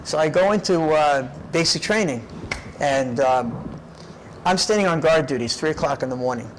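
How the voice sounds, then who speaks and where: A middle-aged man telling his life story in an interview, animated and often tagging his lines with "right?". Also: fairly high pitch, normal speed, slight background noise, poor audio. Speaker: documentary subject.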